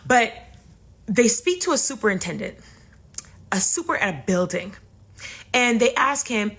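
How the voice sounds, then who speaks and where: Profane animated New woman storyteller. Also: a little high, measured pace, slightly rough. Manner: animated, profane, talks straight to the audience. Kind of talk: casual comedic storytelling.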